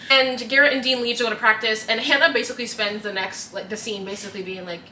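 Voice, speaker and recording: A woman's voice: fairly high pitch, steady tone, fast, few pauses, sharp tone. A young woman co-hosting a casual book podcast, retelling scenes with lots of laughter and putting on the characters' voices. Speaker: podcast co-host. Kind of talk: casual book-club chat. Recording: echoey room, mic at a distance, faint noise.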